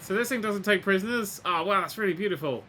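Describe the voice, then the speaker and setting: A man giving casual let's-play commentary, excitable and sweary, swinging from quiet mutters to loud exclamations. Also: sits high, fast talker. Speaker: gaming YouTuber.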